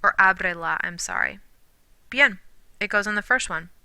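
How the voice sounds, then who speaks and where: In this recorded classroom lesson, a Spanish teacher patiently explains grammar, slowing down to sound out example words and whispering as she counts syllables. Her mid-range voice is very bright and smooth, captured in a dry, close recording with no room sound.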